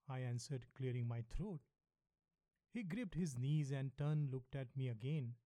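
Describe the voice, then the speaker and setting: A man narrating a novel in the first person, reading in a measured, matter-of-fact way. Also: medium pitch, warm tone, dry recording. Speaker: audiobook narrator.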